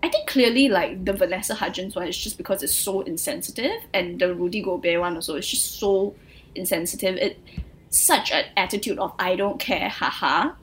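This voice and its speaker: A woman's voice: fairly low pitch, a little fast, low-quality recording. A young woman, co-hosting a casual pop culture podcast and talking in a chatty way with many fillers. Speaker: podcast co-host.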